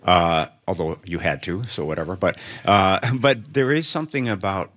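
A middle-aged man with a very low voice, speaking as an author in a live interview on stage. He muses thoughtfully and rambles, often restarting his sentences. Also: normal speed, a bit bright. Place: stage before student audience.

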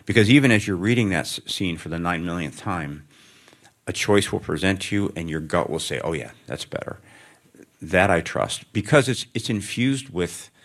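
A middle-aged man with a very low voice, speaking as an author in a live interview on stage. He muses thoughtfully and rambles, often restarting his sentences. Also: lively intonation, normal speed, fairly bright tone. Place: stage before student audience.

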